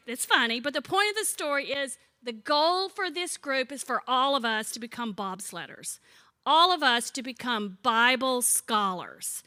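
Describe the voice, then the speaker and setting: Bright-voiced woman in her sixties teaching. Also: high-pitched. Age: 60s. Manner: chatty, warm-humored storyteller who asks the group questions. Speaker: Bible study teacher. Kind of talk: conversational teaching with humorous stories.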